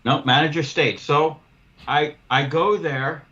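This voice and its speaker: A man's voice: fairly high pitch, unhurried, highs cut off. Profane man telling a work story. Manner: profane, animated storyteller acting out dialogue. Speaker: podcast host, window cleaner. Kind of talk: casual storytelling chat.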